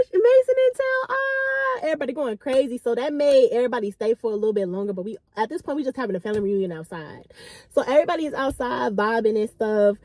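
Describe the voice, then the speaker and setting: A woman in her late twenties, a vlogger, telling a story in a chatty, animated, slangy way. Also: a little high, no room sound, studio quality. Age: late 20s. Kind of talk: casual storytime.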